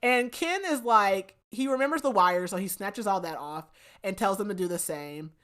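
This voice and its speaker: A young adult woman hosting a podcast, casually retelling a book's plot in an animated way, often saying "like". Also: mid-range voice, normal speed. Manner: animated storytelling, frequent "like", laughs. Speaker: podcast host. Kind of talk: casual book recap.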